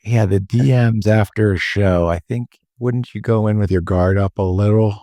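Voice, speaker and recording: A man's voice: on the low side, normal speed, warm tone, no room sound. A man hosting a podcast, easygoing and joking, laughing often. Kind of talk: casual chat.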